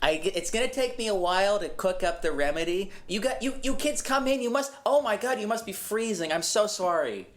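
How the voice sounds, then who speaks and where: A man's voice: sits high, lively intonation, fairly quick, hardly any pauses. Comedy improv: a man playing a doting, gossipy middle-aged witch woman with a Massachusetts accent. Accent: Massachusetts, put on. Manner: gossipy, doting, calls everyone honey. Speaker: podcast co-host doing improv. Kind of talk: comedy improv role-play.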